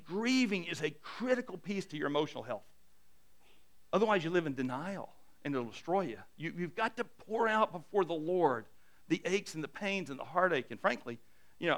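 A middle-aged man preaching a sermon as a pastor, animated and self-deprecating, swinging between hushed and loud. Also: high-pitched.

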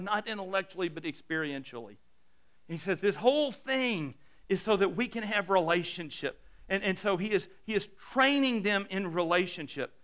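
A middle-aged male pastor preaching a conversational sermon. He often repeats his first words and drops to a hushed voice to stress a point. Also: high-pitched, animated, moderate pace.

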